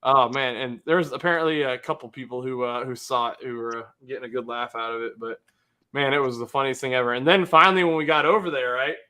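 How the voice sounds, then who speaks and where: A man's voice: medium pitch, steady tone, quick pace, bright, forceful tone. A man in his thirties hosting a casual livestream, telling a rambling story, laughing often and greeting viewers in the chat. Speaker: livestream host.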